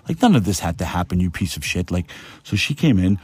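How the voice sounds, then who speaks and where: A man hosting a podcast, telling a rambling, profane story in a casual, animated way. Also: deep voice, a little fast, breathy edge, no echo. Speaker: podcast host.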